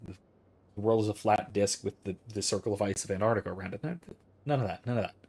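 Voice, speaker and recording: A man's voice: lowish voice, a little mellow, breathy edge. A man in his thirties, a streamer talking through philosophy in a casual, rambling way as he thinks aloud and answers chat.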